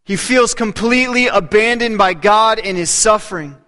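High-voiced preacher in a reverberant hall. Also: male voice, moderate pace. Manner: earnest preaching, dropping to a hush on key points. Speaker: pastor. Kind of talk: sermon.

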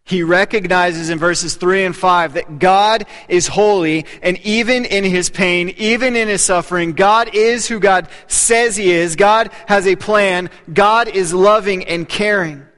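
A man in his thirties preaching a sermon, earnest, often dropping to a hushed voice to press a point. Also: high voice, steady tone, a little slow, hardly any pauses. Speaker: pastor. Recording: long hall reverb.

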